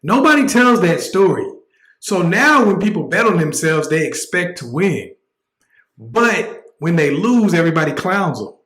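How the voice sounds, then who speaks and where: A man's voice: sits high, a bit bright, roomy sound, rough recording. A man hosting a casual livestream, talking bluntly and joking as he preaches his point. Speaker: livestream host.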